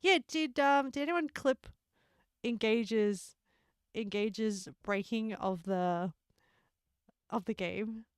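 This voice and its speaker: A woman's voice: fairly high pitch, slow, long pauses, clean tone, dry recording. A woman streaming a game, chatting casually with her viewers, joking and laughing often, on a close desk microphone.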